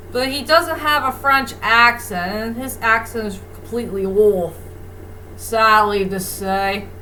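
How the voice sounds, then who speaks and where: Earnest woman reviewer, higher voice, slow unhurried casual delivery. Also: bright, forceful tone, a little hiss or hum, poor audio. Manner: earnest, plain-spoken, repeats a stock phrase to close points. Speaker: movie reviewer. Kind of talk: casual spoken movie review.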